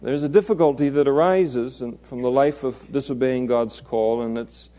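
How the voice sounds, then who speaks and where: A man's voice: mid-range voice, normal speed, mellow. A man preaching an expository sermon in a conversational way, chuckling and adding playful asides.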